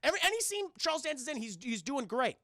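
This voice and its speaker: A man's voice: very high-pitched, big pitch swings, fast, a bit bright, no echo, studio quality. A man streaming a casual scene-by-scene film recap to his chat, rambling and profane and often calling out to the viewers.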